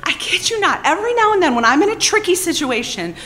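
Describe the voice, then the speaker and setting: In front of a live audience, a woman with an extremely high voice quickly recounts a humiliating personal story. She's animated and self-mocking, and she swears constantly.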